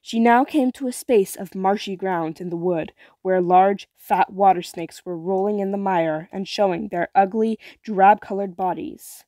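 A woman's voice: medium pitch, dry recording. Woman reading a fairytale aloud. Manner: measured, expressive storytelling. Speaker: storyteller.

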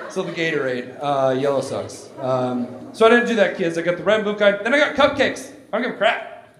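A man in his forties doing a stand-up comedy routine on stage, loud and animated, often shouting for effect. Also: a little high, a little fast, slight background noise. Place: comedy stage before a live audience. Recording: echoey live room with crowd.

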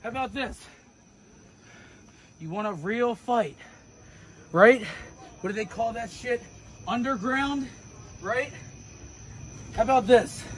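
A man's voice: very high voice, takes it slowly, long pauses, a little hiss or hum, rough recording. Furious profane wrestler man. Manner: profane, aggressive trash talk. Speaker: pro wrestler. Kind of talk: wrestling promo.

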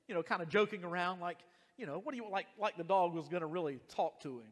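An earnest male pastor preaching in a high, light voice that often restarts phrases and stretches key words. His voice rings with the long reverb of a church hall. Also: a bit bright. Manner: earnest, repeats and restarts phrases, slows for emphasis. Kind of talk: sermon. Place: church sanctuary.

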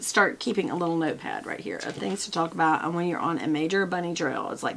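A woman's voice: fairly low pitch, fast, fairly bright tone, a little hiss or hum. A woman, talking casually to camera from her desk as a product vlogger, chatty and wandering off on tangents.

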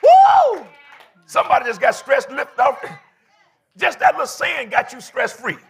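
His voice is very high and sharp, with vocal fry and a breathy edge, and his intonation is lively at a normal speed. A pastor in his fifties, he preaches an impassioned sermon in church with colloquial, folksy phrasing, urging the congregation to respond.

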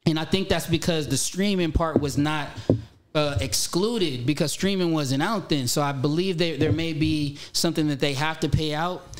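A man in his thirties, a podcast guest, talking in animated casual chat and swearing freely. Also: fairly high pitch. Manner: animated, swears casually, frequent "you know". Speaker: podcast guest, former child actor.

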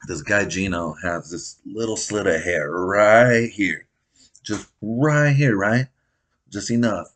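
A man with a deep, low voice rambles through a profane comedic recap of a reality show. His tone is husky and a little rough, and he swears constantly, chuckling at his own jokes as he goes. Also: takes it slowly, fairly bright tone.

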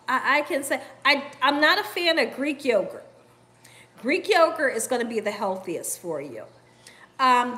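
A middle-aged woman with a fairly high, bright, forceful voice hosts a cooking live stream. Reading viewer comments, she chats casually, laughs often and speaks directly to her audience as "y'all."

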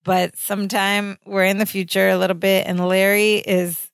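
A woman's voice: medium pitch, flat delivery, moderate pace, smooth, dry recording, studio quality. A woman co-hosting a podcast in casual chat, retelling sitcom scenes and quoting the characters' lines. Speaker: podcast co-host.

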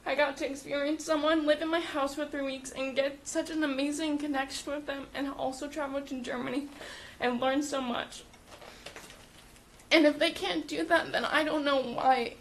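A teenage girl stands up at a school board meeting and speaks with feeling, nervous and close to tears. Her voice sits high. A faint hum of the room runs underneath. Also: steady tone, normal speed, a bit bright. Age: teens. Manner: emotional and nervous, apologizing, laughing through tears. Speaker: student speaker at public comment. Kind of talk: public comment at a school meeting.

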